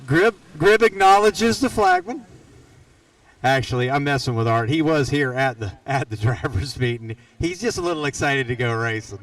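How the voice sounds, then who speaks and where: A man's voice: medium pitch, moderate pace, no echo, far from the mic, poor audio. A man calling live go-kart races, folksy and teasing the drivers as he jokes between laps. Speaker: race announcer. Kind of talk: live race commentary. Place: racetrack announcer stand.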